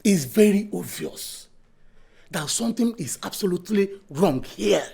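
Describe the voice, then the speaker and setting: A man's voice: high-pitched, expressive, measured pace, creaky, darkish tone, husky, full character voice. A man playing a stern elder of the royal council who questions and demands, formal and commanding, with a Nigerian accent. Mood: grave.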